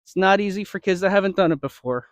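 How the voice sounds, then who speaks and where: Baseball coach demoing drills: a high-voiced man, slightly winded, checking in with "okay?" and "right?", in a dry, close recording. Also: animated, quick pace, no room sound. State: slightly out of breath. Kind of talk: instructional demo.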